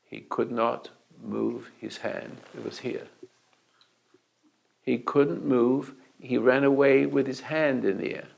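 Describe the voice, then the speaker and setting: An older man with a gravelly, creaky voice gives a talk full of anecdotes. He often stops and starts over mid-phrase. He acts out both sides of each exchange. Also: mid-range voice, fairly even intonation, poor audio. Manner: halting storyteller with restarts, acting out the dialogue. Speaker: self-help teacher.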